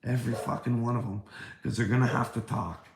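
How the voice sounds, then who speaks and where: A man's voice: medium pitch, steady tone, brisk, vocal fry, reverberant, noisy background. A man in a rambling livestream rant, taunting and preachy, swearing often and laughing between lines. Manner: taunting, calls listener "bud", frequent laughter; profane, preachy.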